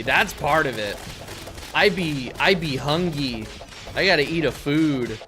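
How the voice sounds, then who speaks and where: A man's voice: fairly high pitch, expressive, a little slow. Chatty young man streaming a game. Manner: chatty, swears often, rambling. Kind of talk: casual gameplay commentary. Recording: game music behind.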